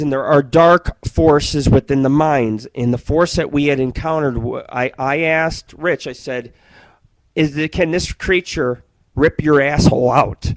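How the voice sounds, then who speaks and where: A man hosting an internet radio show, telling stories in a profane, rambling way and jumping between loud outbursts and muttering. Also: fairly high pitch, no room sound. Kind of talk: rambling live-stream monologue.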